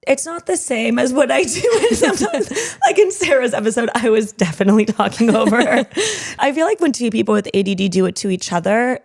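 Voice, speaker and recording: A woman's voice: on the high side, big pitch swings, a little fast, darkish tone, dry recording, studio quality. A young adult woman from Canada hosting a podcast, chatting and laughing often, then reading a story aloud. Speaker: podcast host. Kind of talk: casual chat and reading stories aloud.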